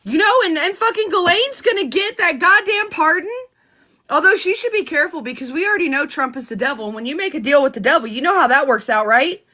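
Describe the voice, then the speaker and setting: A woman's voice: high-pitched, expressive, pushed and bright. A woman vlogger delivering a heated, profane live rant on politics. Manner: heated, profane, fast-talking.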